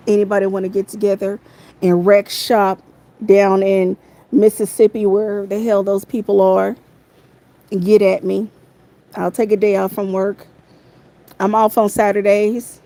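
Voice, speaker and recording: A woman rants angrily into her phone on a livestream, swearing freely and circling back to the same phrases again and again. Her voice is warm and mellow, with a soft, dark tone even as she gets heated. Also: medium pitch, measured pace, pauses often, poor audio. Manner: heated, profane, repeats phrases. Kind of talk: angry livestream rant.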